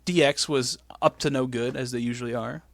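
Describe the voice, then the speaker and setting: A man co-hosting a casual chat show, animated and acting out quotes in playful voices. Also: medium pitch, brisk, gravelly, dry recording. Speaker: podcast co-host recapping wrestling.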